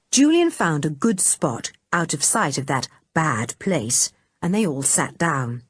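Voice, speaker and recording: Husky woman reading a children's storybook. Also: deep voice, big pitch swings, no echo. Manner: measured storytelling. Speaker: audiobook narrator. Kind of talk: scripted narration. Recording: dry close studio recording.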